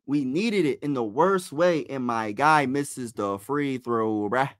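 A young man calling a basketball game live as a fan, his voice mid-pitched and dry, close to the mic. He talks loosely and excitably, pleading with players and groaning over misses. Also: slow pace, no echo. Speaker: live play-by-play streamer. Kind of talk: casual fan play-by-play.

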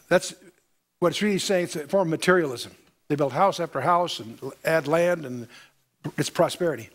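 High-voiced man teaching the Bible. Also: normal speed. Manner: reads scripture aloud, then adds pointed commentary. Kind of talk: verse-by-verse Bible lecture.

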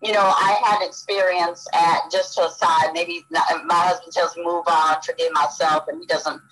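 A woman's voice: fairly low pitch, flat delivery, moderate pace, a bit bright, low-quality recording. A woman author as an interview guest, talking casually, often stopping to search for words and laughing.

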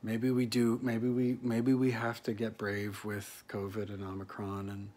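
A man's voice: on the low side, monotone, unhurried, warm tone. A middle-aged male actor delivering a rambling, earnest spoken monologue in a pleading tone.

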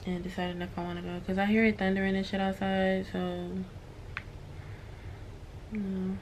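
A woman's voice: mid-range voice, flat delivery, moderate pace, darkish tone, slight background noise. A woman vlogging from her hotel room, venting to her viewers in a frustrated, swearing, casual way.

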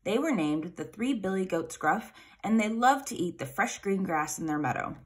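A woman reading a children's fairy tale aloud in an expressive, animated way. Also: mid-range voice, normal speed, breathy edge. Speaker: storyteller.

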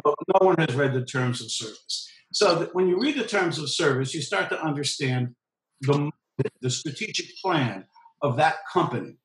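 A man's voice: a little high, reverberant, low-quality recording. A man, a professor and journalist, explaining his points in an emphatic, lecturing way during a conversation. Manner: lecturing, emphatic, repeats key phrases. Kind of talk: conversational discussion.

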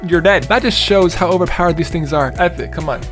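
A young man giving excitable gameplay commentary, laughing and yelling at opponents, with game music and gunfire behind him. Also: high voice, fast talker. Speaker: gaming YouTuber.

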